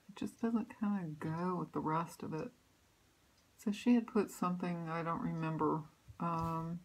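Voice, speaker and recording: A cross-stitch vlogger sits in a home room chatting casually about her projects as a show-and-tell, rambling and restarting with lots of ums. Her voice is on the low side with a fairly bright tone.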